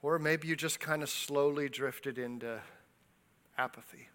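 A man preaching a sermon, retelling a story with lively voices for its people and dropping quiet for personal appeals. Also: fairly high pitch, unhurried. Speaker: pastor.

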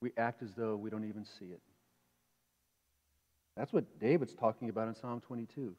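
A male pastor preaching a sermon in a conversational, animated way, asking the congregation questions. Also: lowish voice, moderate pace. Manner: animated, acts out inner voices. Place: church sanctuary. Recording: dull reverberant church hall.

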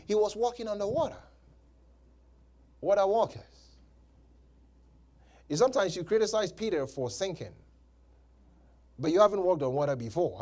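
A male pastor preaching a sermon, repeating phrases and laughing between points. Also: high voice. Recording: live church service.

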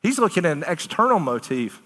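A man with a bright, forceful voice preaches with passion, pressing hard on his points and then slipping into easy talk with his listeners. He sits a little high in his voice. The sound rings out with a long reverb, as in a large hall. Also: a little fast. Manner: animated, emphatic, conversational preaching with Southern turns of phrase. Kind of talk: sermon.

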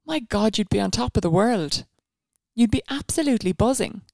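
A woman's voice: on the high side, lively intonation, normal speed, vocal fry, a little mellow, no echo, clean studio sound. A woman coaching a guided running session, chatty and encouraging, given to rambling asides.

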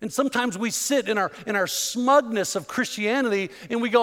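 A man's voice: very high-pitched, a little fast, hardly any pauses, fairly bright tone. A man preaching a fervent sermon in a church, driving points home with repeated rhetorical questions. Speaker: pastor. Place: church sanctuary. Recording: long hall reverb in a church.

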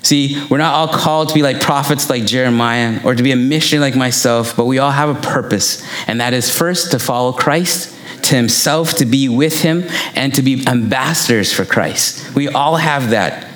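A man's voice: mid-range voice, moderate pace, fairly bright tone. Give me a man preaching in a church, anecdotal and conversational, with a roomy echo. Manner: conversational, anecdotal, quotes himself. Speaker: preacher and missionary. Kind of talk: sermon with personal storytelling. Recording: echoey church room.

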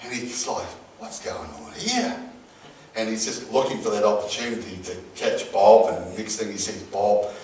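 A man preaching a sermon and telling a story with acted-out voices. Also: medium pitch. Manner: storytelling, acts out voices in an anecdote. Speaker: pastor. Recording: echoey hall from far off.

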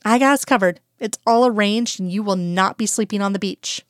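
A woman's voice: medium pitch, fairly quick, no echo, studio quality, lightly acted. A woman reading the lines of a playful, teasing male agent who dotes on his partner.

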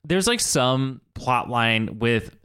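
A podcast co-host in casual recap chat, animated, swearing freely and acting out quotes from the episode. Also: mid-range voice, slow, clear, resonant tone.

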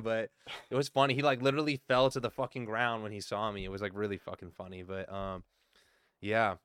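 A man's voice: medium pitch, fairly even intonation, quick pace, fairly bright tone, clean tone, no echo, studio quality. A man in his thirties telling loose, profane stories as a podcast guest in casual conversation. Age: 30s. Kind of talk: casual chat.

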